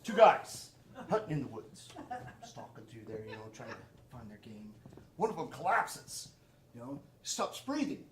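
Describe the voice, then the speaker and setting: A man telling jokes on a community theater stage, animated and acting out each line. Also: mid-range voice, normal speed. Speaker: joke teller. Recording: echoey theater with faint noise.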